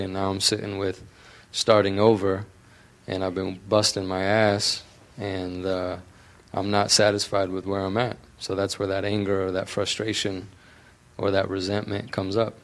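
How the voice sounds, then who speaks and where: A man in a personal conversation, speaking haltingly and searching for words. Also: deep voice, monotone.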